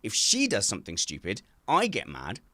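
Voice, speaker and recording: A man hosting a casual podcast from his garden shed, self-mocking and animated as he tells stories. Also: on the low side, moderate pace, no echo. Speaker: podcast host.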